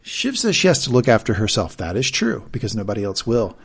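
Male podcast co-host, lively swooping delivery, jokey recap chat. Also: fairly low pitch, vocal fry, husky. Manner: reads show quotes in mock voices, quick and joking.

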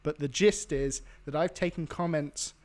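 British guy cohosting a podcast, dry teasing humor, bit higher voice. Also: moderate pace. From United Kingdom. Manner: dry, teasing, runs a quiz game. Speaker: podcast co-host. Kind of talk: casual podcast chat. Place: home setup on a laptop. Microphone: laptop or remote podcast setup.

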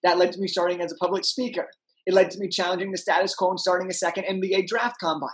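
A young man, a podcast guest, telling an energetic story and acting out the people in it. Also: sits high, racing, low-quality recording. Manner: animated, acts out voices in his anecdotes.

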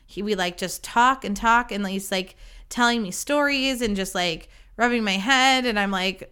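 A woman's voice: medium pitch, moderate pace, bright, forceful tone, smooth. A woman hosting a podcast, telling a story in a rambling, profane, self-deprecating casual chat. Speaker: podcast host.

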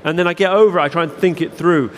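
A man's voice: on the high side, rapid-fire. A man telling a rambling, self-deprecating anecdote to a live audience as a keynote speaker, full of restarts. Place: large theatre with audience. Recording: reverberant hall, faint background noise.

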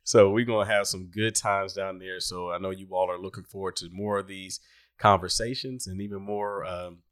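Deep-voiced upbeat male podcast host. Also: fairly even intonation, moderate pace, a bit bright, dry recording, clean studio sound. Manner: upbeat, grateful, laughs a lot. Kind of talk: casual podcast chat and outro.

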